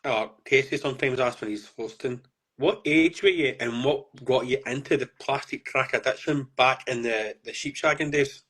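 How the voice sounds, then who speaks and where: A man's voice: medium pitch, normal speed, fairly bright tone, breathy edge. A man hosting a podcast, with joking, rambling banter. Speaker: podcast host. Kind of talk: casual podcast chat.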